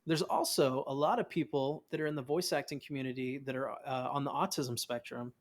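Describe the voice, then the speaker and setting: A man in his thirties, a voice actor being interviewed, telling stories in a lively way, acting out quotes and often restarting his words. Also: medium pitch, a little fast. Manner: animated storyteller, acts out quotes of family; many restarts and repeated words. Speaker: voice actor guest. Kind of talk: casual interview chat.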